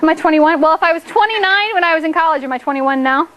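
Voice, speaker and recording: Woman, school teacher, high voice, upbeat, encouraging, classroom teaching, frequent check-ins. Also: fast talker, fairly bright tone, a little hiss or hum.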